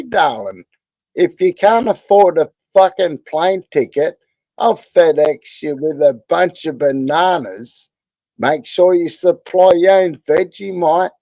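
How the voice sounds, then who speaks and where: A man's voice: a little high, gravelly, a little mellow, dry recording, lo-fi sound. An Australian man hosting a livestream in crude, rambling casual chat, swearing constantly. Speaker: livestream host.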